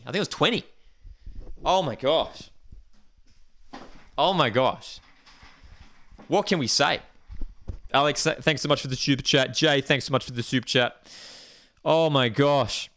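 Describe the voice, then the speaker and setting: An excitable man, hosting a live watchalong stream and reading viewer comments aloud. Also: medium pitch, measured pace, pauses often. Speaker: livestream host.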